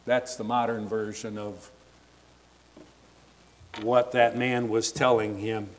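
A man's voice: on the low side, level tone, takes it slowly. A man preaching a sermon, retelling scripture in everyday words and stumbling over restarts as he thinks aloud.

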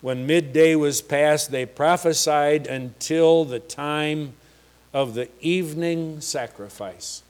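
A man preaching a sermon, slow and emphatic, asking the congregation rhetorical questions. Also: on the high side, a little mellow. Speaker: pastor.

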